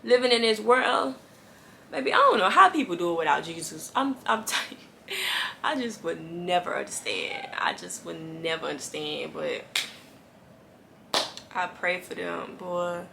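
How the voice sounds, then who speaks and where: A woman's voice: on the low side, lively intonation, unhurried, gravelly, bright, forceful tone, a little hiss or hum. A woman giving an earnest, casual devotional talk to camera, encouraging viewers and repeating lines for emphasis. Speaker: Christian faith vlogger.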